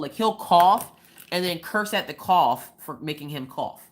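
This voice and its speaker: A woman's voice: sits low, expressive, measured pace. A young woman chatting casually on a live stream, giggling often and acting out quoted voices as she tells stories. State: recovering from a cold. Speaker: livestream host.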